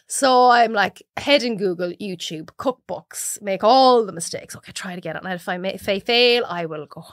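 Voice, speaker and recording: Brief: young Irish woman, podcast guest, lively storyteller who acts out voices, dry close sound. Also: medium pitch, moderate pace, few pauses, dry recording. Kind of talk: casual chat.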